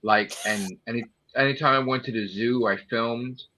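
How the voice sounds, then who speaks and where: A man's voice: medium pitch, moderate pace, bright, forceful tone, slight background noise. A man chatting casually late at night, rambling and swearing freely. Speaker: channel host. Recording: muffled phone audio.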